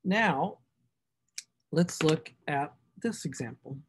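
A man's voice: fairly high pitch, slow pace, slight background noise. A man teaching a math class, working through equations aloud and stressing key words as he writes. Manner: talks to himself while writing equations, animated emphasis. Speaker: math instructor. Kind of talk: recorded class lecture.

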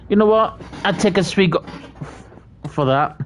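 The sound is lo-fi as a British host with a medium pitch talks a little slowly, leaving long pauses. He casually reads chat messages during his livestream, stammering, repeating himself, and giving friendly shout-outs.

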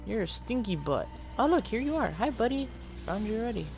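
A man's voice: sits high, fairly quick, creaky. A man playing a video game beside a child, chattering playfully, humming tunes and yelping at the action. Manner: excitable, hums, calls out gasps and yells. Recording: game music playing behind. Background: game music.

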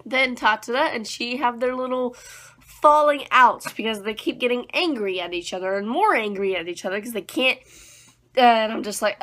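A woman's voice: fairly high pitch, expressive, normal speed, a bit bright. A young woman chatting casually through an anime episode review, rambling and acting out her own reactions.

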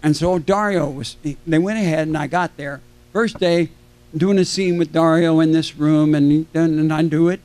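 An older man with a fairly high speaking voice tells stories from a convention stage. He performs the people in his tales as he goes, and his delivery keeps swinging with the story. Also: moderate pace, no room sound. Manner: animated anecdotes, acting out quoted voices. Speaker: convention panel guest. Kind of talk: storytelling to a live audience.

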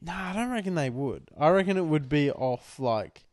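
A man's voice: on the high side, lively intonation, moderate pace, dry recording, clean studio sound. A young man co-hosting a podcast, rambling through stories in casual chat with plenty of swearing. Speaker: podcast co-host.

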